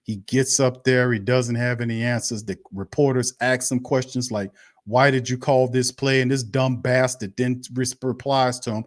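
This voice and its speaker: A man's voice: mid-range voice, steady tone, normal speed, dry recording, clean studio sound. A man hosting a live sports stream, ranting bluntly and profanely, repeating himself in heated bursts. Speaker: sports show host.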